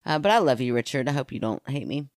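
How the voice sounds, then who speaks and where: A woman's voice: a bass voice, expressive, fast talker, a little mellow, dry recording, studio quality. Playful woman co-hosting a podcast. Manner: playful, laughing, teasing. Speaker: podcast co-host. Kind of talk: casual chat, reading listener stories.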